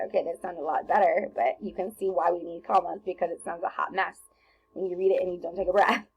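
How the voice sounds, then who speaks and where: A woman teacher talking students through a recorded grammar lesson on slides, relaxed and chatty with lots of ums and self-corrections. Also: fairly low pitch, fast talker, gravelly, slightly rough, poor audio.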